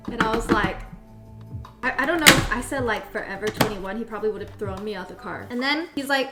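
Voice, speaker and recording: A young woman streamer telling a story in a casual, animated way, blunt and full of swearing. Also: fairly high pitch, brisk, music in the background.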